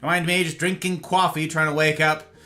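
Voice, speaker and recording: A man streaming live, chatting casually with his chat and sounding tired; he jumps from excited squeals to mumbled asides. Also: fairly high pitch, fairly quick, faint music behind.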